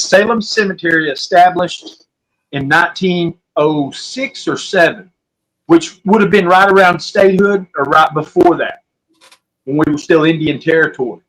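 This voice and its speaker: A man's voice: fairly high pitch, moderate pace, a bit bright, poor audio. A man with an Oklahoman accent, telling a story as a podcast guest in a rambling, folksy way. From Southwest Oklahoma. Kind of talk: casual storytelling.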